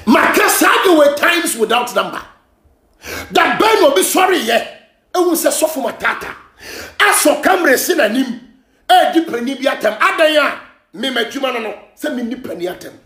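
A Ghanaian man hosting a gossip show, ranting and scolding in heated commentary, often shouting, switching between Twi and English. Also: extremely high pitch, sing-song, moderate pace, reverberant.

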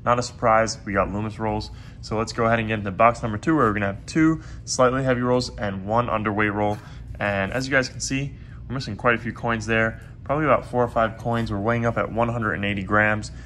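A man's voice: fairly low pitch, fast, slight background noise. Casual man hosting a coin hunt vlog. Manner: chatty, excitable when surprised. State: losing his voice. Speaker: coin roll hunting channel host. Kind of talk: casual hobby vlog narration.

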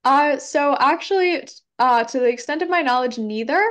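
Young woman, fairly high voice, casual educational talk, lots of ums, hedging, conversational. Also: normal speed, a bit bright. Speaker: environmental educator giving a talk. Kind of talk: casual presentation with Q&A.

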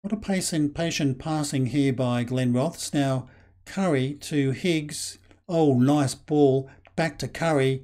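A Scottish man giving casual, excitable play-by-play commentary over a football management game, with lots of fillers. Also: a little high, slow. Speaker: game channel host.

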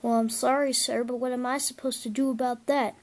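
A woman voicing a gentle, polite old steam engine in a fan-made toy train story. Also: high-pitched, fairly even intonation, a little fast. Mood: meek. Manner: polite, meek.

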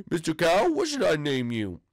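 An excitable man talks his own character through a playful game role-play, gasping and reacting in a cartoonish way. His pitch is a little high and swings all over, and the sound is close and dry. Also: unhurried, creaky, no echo. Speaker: gaming video creator.

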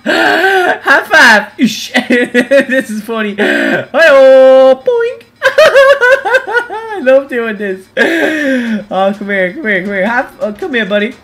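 An Irish woman livestreaming gameplay, giggling often and breaking into excited squeals and shouts. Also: sits high, slow. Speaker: gaming livestreamer. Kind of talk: live gameplay commentary.

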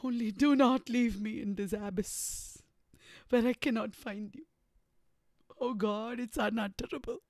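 Brief: woman reading an anguished, vengeful lover with an Indian English accent, slow and heavy, close dry sound. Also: a little high, steady tone, darkish tone, no echo. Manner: impassioned dramatic reading. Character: tormented grieving man, passionate, vengeful.

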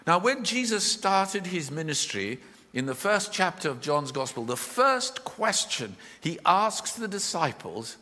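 A man preaching a live sermon in a church, expressive and full of questions to his listeners. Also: high-pitched, a little slow. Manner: expressive, questioning, voices the Bible figures in his retelling. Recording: hall reverb from a live church.

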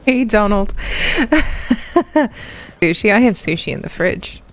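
A woman's voice: medium pitch, lively intonation, measured pace, vocal fry. A woman streamer giving live commentary on her gameplay, laughing often and calling out to other players and her chat.

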